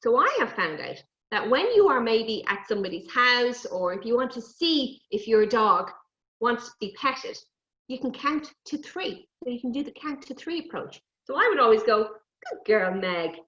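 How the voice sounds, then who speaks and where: A woman presenting a lively lesson on animal safety to young children, coaxing them and talking to toy animals. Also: a little high, normal speed. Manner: animated, coaxing, talks to puppets and kids. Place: indoors, recorded for an online event. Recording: dull, roomy live stream audio.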